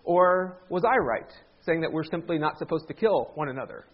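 A middle-aged male pastor preaches a funny sermon in a church sanctuary, telling stories and poking fun at himself. His voice sits on the high side, expressive and at normal speed, on a lo-fi recording.

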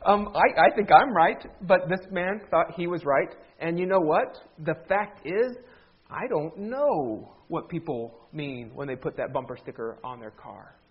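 A man's voice: on the high side, measured pace, husky, muffled recording. A middle-aged man preaching a humorous sermon in a church, telling stories with a joking, self-deprecating manner. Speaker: pastor. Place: church sanctuary.

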